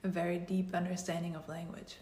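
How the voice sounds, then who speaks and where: A woman's voice: fairly low pitch, flat delivery, a little fast, mellow. A woman chatting casually in a language that is not her first, thoughtful and modest. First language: not English. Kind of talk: casual chat. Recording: roomy echo.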